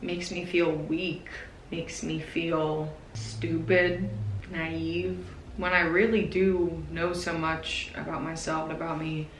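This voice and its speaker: A woman in her twenties talking to camera in a personal vlog, nervous and emotional, speaking haltingly. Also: sits low, level tone, echoey room, slight background noise, rough recording. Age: 20s. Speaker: vlogger.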